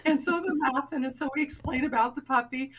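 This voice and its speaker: Lively high-voiced woman telling a story. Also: a little fast, slight background noise. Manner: animated, acts out quoted voices. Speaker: guest confidence coach. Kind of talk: storytelling in a casual interview.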